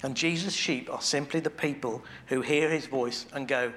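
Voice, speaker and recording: At medium pitch and normal speed, a preacher delivers his sermon conversationally. He restarts phrases while thinking aloud and grows quiet and intimate when he reaches devotional points.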